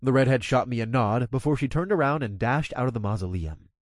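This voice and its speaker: A man's voice: mid-range voice, brisk, no echo. A man reading a first-person action story aloud in a casual, profane manner. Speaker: narrator.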